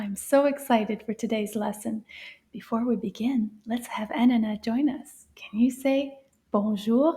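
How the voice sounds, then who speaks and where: A woman gives a children's French lesson in a high, mellow voice, cheerful and encouraging. She takes her time, switches between English and French, and often slips into soft whispers. Her tone stays warm throughout. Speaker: French teacher.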